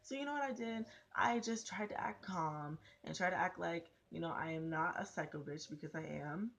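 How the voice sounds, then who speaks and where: A young woman with a notably low voice tells a personal story straight to her camera. She is casual, blunt and profane, and she keeps the telling animated. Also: normal speed, creaky. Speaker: vlogger.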